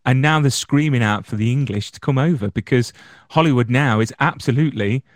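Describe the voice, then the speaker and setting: A man's voice: medium pitch, brisk, dry recording, studio quality. A man asking interview questions and giving short supportive responses.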